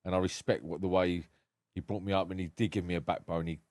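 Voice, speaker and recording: A man's voice: deep voice, fairly even intonation, quick pace, a little mellow, no echo, studio quality. A man, a podcast guest recounting his life frankly and with feeling, swearing freely. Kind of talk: candid personal storytelling.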